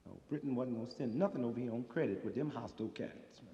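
A comedian with a medium-pitched voice delivers quick, sardonic, streetwise stand-up that erupts into emphatic bursts. The old live recording is very noisy, with a reverberant hall and a dull sound.

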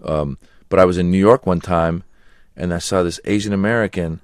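A middle-aged man with a low, deep voice tells stories in a casual interview, animated and quick to imitate others. The sound is dry and close, with no room around it. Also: dry recording. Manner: animated storyteller slipping into mimicked voices. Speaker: comedian guest.

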